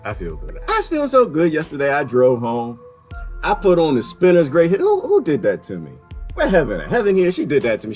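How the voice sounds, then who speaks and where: A man ranting in a casual vlog, swinging from loud outbursts to quiet mutters and laughing often, with folksy talk. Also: medium pitch. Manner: folksy, uses "y'all". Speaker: vlogger. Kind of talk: ranting monologue.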